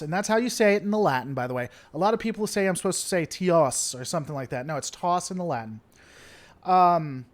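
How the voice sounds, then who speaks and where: A livestream host chatting casually and answering viewer comments, playful and theatrical, often repeating stalling phrases. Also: medium pitch.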